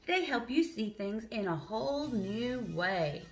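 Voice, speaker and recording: Woman voices a cool picture-book cat, easygoing, unhurried. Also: fairly high pitch, lively intonation, a little mellow, soft background music. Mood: friendly. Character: cool laid-back cat on a skateboard.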